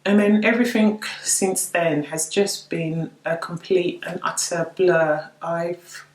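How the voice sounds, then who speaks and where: A middle-aged woman telling of her daughter's death, halting and tearful, repeating her words. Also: lowish voice, steady tone, reverberant, poor audio. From United Kingdom. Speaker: bereaved mother sharing her story. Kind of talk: personal testimony to camera.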